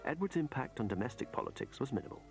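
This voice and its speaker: A man reading scripted documentary narration in a measured voice. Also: medium pitch, animated. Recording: narration over loud music.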